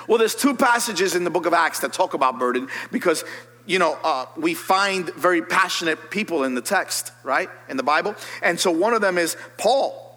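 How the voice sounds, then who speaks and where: A man preaching a sermon, his pastor's voice bright and forceful, pitched a little high. He reads scripture aloud, then climbs higher and louder as he exhorts. Long reverb from a big room trails every phrase. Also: lively intonation, moderate pace. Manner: preaching, climbs high and loud when fervent.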